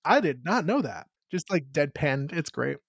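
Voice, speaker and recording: Woman, low voice, podcast co-host, deadpan casual swearing, dry close mic. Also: moderate pace, creaky, no room sound. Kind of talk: casual recap chat.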